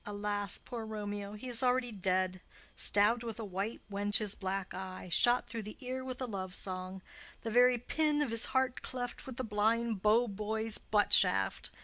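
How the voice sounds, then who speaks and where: A woman's voice: medium pitch, a bit bright, no room sound, lightly acted. A woman reading the part of a witty, mocking young nobleman in an audiobook of a play. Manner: quick, punning banter.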